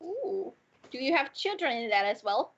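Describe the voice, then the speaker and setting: A blunt, dismissive old crocodile-faced woman who sees visitors as a free meal, as a woman puts her on at the game table. Her voice sits high. The audio is dull and lo-fi. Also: sing-song, normal speed, slightly rough, exaggerated voice. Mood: greedy.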